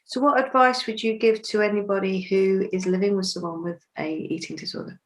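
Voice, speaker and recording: A woman's voice: medium pitch, fairly even intonation, brisk, poor audio. A woman hosting an interview, asking questions and encouraging her guest.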